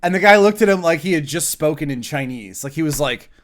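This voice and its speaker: A man's voice: fairly high pitch, animated, brisk. A man who is a recurring podcast guest, chatting casually with a wry, joking manner and correcting details. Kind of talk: casual chat.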